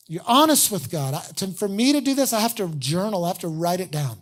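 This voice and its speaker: A man's voice: high voice, lively intonation, a little fast, few pauses. Casual, joking man preaching a sermon. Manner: casual, self-deprecating, acts out inner voices. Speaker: pastor.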